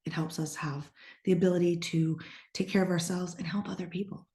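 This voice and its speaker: A middle-aged woman from the eastern United States, a psychic medium who talks bluntly and sassily and drops into hushed whispers when quoting others. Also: lowish voice, fairly even intonation, brisk, echoey room. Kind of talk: casual podcast conversation.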